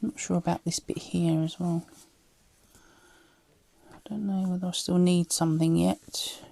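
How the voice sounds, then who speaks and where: A woman with a light Cockney-tinged London accent chats casually as she works on a craft project, muttering to herself and often dropping into a whisper. Her voice is lowish, gravelly and warm, with little pitch movement, a slightly slow pace and long pauses. She is a craft vlogger.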